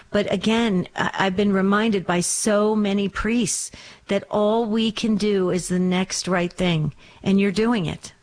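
A woman's voice: mid-range voice, fairly even intonation, unhurried. A woman hosting a call-in radio show, encouraging and comforting callers and addressing them by name. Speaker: radio host.

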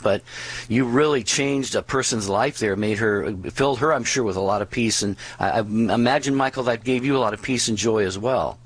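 A man hosts a faith radio talk show with a middle-pitched voice. He reflects on what the caller said. He talks at an unhurried pace and uses plenty of fillers. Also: low-quality recording. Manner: thoughtful, summarizing, with fillers.

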